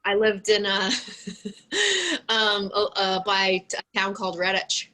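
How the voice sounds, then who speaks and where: A young woman chats loosely as a guest on an interview show, her tone bright and forward. She rambles and leans on "like" and "um" as she goes. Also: mid-range voice, big pitch swings, slow pace, rough recording. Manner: rambling, heavy use of "like" and "um". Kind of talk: casual chat.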